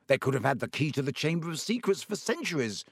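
A man's voice: fairly high pitch, big pitch swings, fast talker, creaky, husky, no echo, pitched above the performer's own voice, heavily acted. A man voicing a grumpy, sarcastic schoolboy who drawls his complaints irritably.

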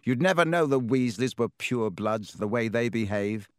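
A man's voice: medium pitch, animated, normal speed, no echo, studio quality, close to an everyday voice. A man reading a story aloud and voicing a sneering, spoiled schoolboy wizard with a drawling, scornful manner.

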